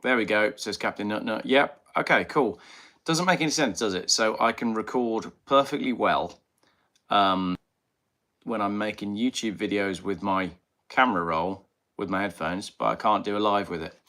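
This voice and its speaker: A man's voice: lowish voice, moderate pace, bright, forceful tone. A middle-aged man with a slight Birmingham accent, hosting a casual live-stream chat from a small home alcove and rambling through viewer comments with lots of ums. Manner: rambling, reads viewer comments aloud, many fillers. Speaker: channel host. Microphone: headphone mic on a live stream.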